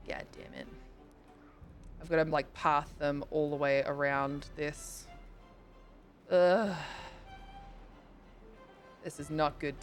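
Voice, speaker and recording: A woman's voice: deep voice, a bit bright. A young woman streaming a game live, chatting with viewers and thinking aloud, swearing casually and breaking into squeals. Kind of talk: casual live-stream chat while playing.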